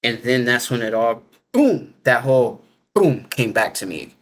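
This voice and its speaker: A man's voice: mid-range voice, sing-song, a little slow, fairly bright tone. A man casually telling a personal story in loose, rambling talk, full of fillers, restarts and everyday slang grammar. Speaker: interviewee telling a near-death experience.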